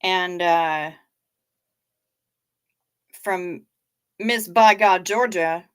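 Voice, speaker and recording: A woman's voice: lowish voice, extremely slow, clear, resonant tone, dry recording, clean studio sound. A woman hosting a live stream in a casual, chatty way, reading out viewer comments with wry asides and repeating herself for effect. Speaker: livestream host.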